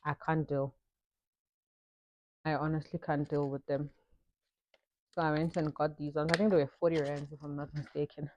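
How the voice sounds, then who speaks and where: A South African vlogger speaks in a low, slightly mellow voice with a level tone and normal speed, leaving long pauses. She chats about being a mother while doing her makeup, mixing English and local-language phrases in a casual get-ready-with-me video.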